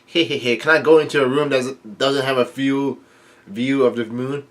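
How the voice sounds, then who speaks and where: A man reading the lines of a young, jumpy rabbit girl from a comic in a quick, pleading way. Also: mid-range voice, steady tone, fairly bright tone, natural voice. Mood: uneasy.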